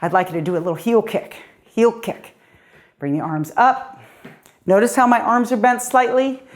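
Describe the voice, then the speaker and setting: A woman's voice: fairly high pitch, moderate pace. A middle-aged woman fitness coach leading a guided workout, upbeat and encouraging, a little out of breath as she calls out the moves. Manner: upbeat, encouraging, counting down reps. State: slightly out of breath.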